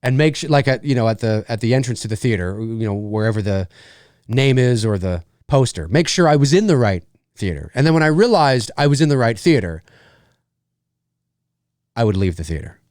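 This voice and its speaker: A man hosting a live stream, answering viewer questions in an animated way. He often repeats himself and laughs. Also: medium pitch, a little fast, no echo, clean studio sound. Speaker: host.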